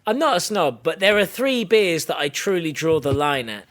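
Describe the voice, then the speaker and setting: A man's voice: on the high side, very animated, normal speed, fairly bright tone. A man co-hosting a podcast in casual banter, joking, swearing and playing mock-indignant. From United Kingdom. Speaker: podcast co-host.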